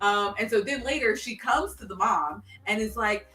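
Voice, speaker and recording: Bright-voiced woman, rambling casual chat. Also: on the high side, normal speed, hardly any pauses, soft background music. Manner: rambling, heavy use of "like", acts out quotes while retelling. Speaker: podcast co-host.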